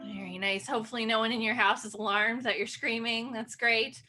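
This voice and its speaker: A woman's voice: on the high side, fairly even intonation, brisk, over loud music. A woman leading an online children's sing-along, speaking in a playful, encouraging way with gasps and animal noises over a video call.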